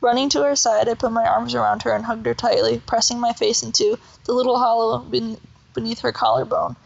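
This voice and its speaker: A woman reading a children's novel aloud in a steady, plain way with small slips. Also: on the high side, a little fast, gravelly, lo-fi sound. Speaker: reader.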